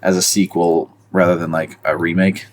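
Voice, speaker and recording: Deep-voiced man chatting hesitantly. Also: flat delivery, normal speed, slight background noise. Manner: rambling, hesitant, full of fillers. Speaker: podcast co-host. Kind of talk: casual film discussion.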